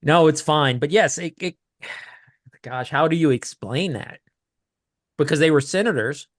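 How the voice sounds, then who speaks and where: A man co-hosting a collecting podcast, chatting casually in a rambling, halting way with many restarts. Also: fairly high pitch, no echo, studio quality. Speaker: podcast co-host. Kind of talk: casual chat.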